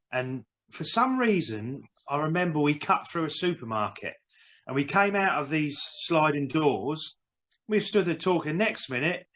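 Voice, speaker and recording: Easygoing man with a bright voice. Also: fairly high pitch. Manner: easygoing, hesitant with fillers. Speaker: panel member. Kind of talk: casual storytelling.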